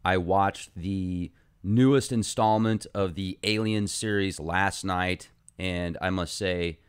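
A man hosting his own video channel, talking through a film's symbolism in an earnest, animated monologue. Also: low voice, slow pace, smooth. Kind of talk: casual monologue analysis.

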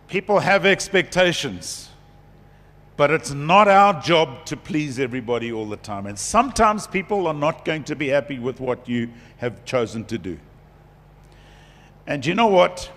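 A middle-aged man preaching a conference sermon as a pastor, chatty and lively, laughing between points. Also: fairly high pitch, unhurried. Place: large conference hall. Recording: long hall reverb.

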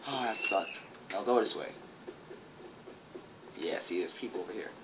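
Low-voiced woman calling her game. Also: normal speed. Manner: excitable, jokey, sudden high yelps. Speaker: gaming channel host. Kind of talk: live gameplay commentary. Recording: game noise behind.

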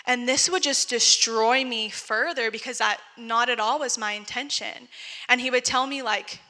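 A woman's voice: on the high side, steady tone, moderate pace, bright, forceful tone, long reverb tail. A young woman giving a candid, chatty personal testimony at a church gathering, talking casually and using "like" a lot. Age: young adult. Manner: candid, chatty, heavy use of "like". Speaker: testimony speaker.

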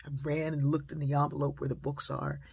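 An older woman shares a personal lesson, telling a family story that turns into a life lesson in a sermon-like way, often dropping into soft whispers for emphasis. Her voice is low-pitched, gravelly and slightly rough, with a flat delivery at a fairly quick pace.

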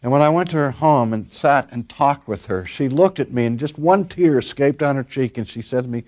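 A man's voice: medium pitch, a little fast, hardly any pauses, darkish tone. An older man, a pastor delivering a sermon and telling stories earnestly, stretching out key words for emphasis.

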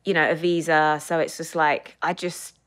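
A woman in her thirties from the United Kingdom, an actress telling career stories with animated energy in a casual studio podcast chat. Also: low voice, moderate pace. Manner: animated storyteller, lively laughs. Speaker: actress guest.

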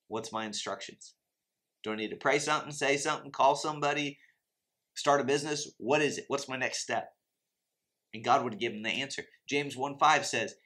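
A man's voice: medium pitch, pushed and bright. Impassioned man preaching faith and finances. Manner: impassioned, exhorting, conversational with asides. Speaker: Christian finance teacher. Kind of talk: preachy teaching talk to camera.

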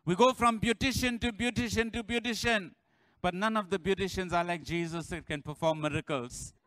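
A pastor preaching a sermon in church, building to shouted refrains and calling on the congregation to answer. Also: male voice, high voice, brisk, no room sound, low-quality recording.

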